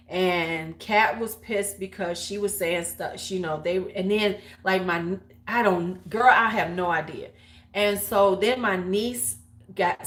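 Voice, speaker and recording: A woman's voice: lowish voice, a bit bright. A woman in her forties hosting a beauty livestream, telling a long gossipy story in a loose, frank, salty way. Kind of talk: casual storytelling chat. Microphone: livestream webcam mic.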